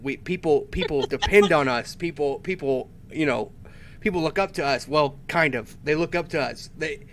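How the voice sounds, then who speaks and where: A man playing a tabletop role-playing game, talking in character in an animated, stammering way and laughing often. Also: a little high, normal speed, slight background noise. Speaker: player.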